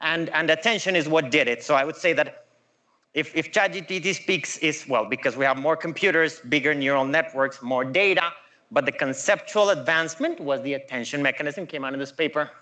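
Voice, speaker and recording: A middle-aged man giving a conversational, animated conference talk with playful asides. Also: a little high, a little fast. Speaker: conference speaker.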